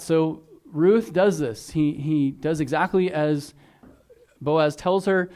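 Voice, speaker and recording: A man's voice: a little high, darkish tone. A male pastor preaching an expository sermon in a church, conversational, with frequent ums and restarts. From United States. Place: church sanctuary.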